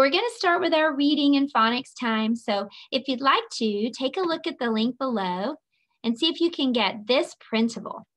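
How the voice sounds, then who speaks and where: Slow, patient woman teaching phonics. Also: on the high side, fairly bright tone. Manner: patient, sounds out letters slowly and repeats them; encouraging, playful sing-song prompts. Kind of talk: phonics lesson for young children.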